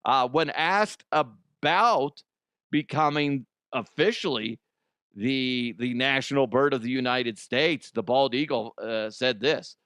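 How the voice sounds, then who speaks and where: A man's voice: mid-range voice, slow, fairly bright tone, clear, resonant tone, no room sound, studio quality. A man hosting a comedy news show, chatting casually, swearing and laughing often at himself. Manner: laughs often, profane, self-mocking.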